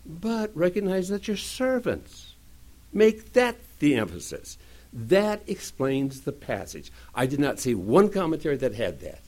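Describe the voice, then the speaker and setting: A man's voice: mid-range voice, a little mellow. A man preaching a sermon, explaining scripture with joking asides and frequent restarts.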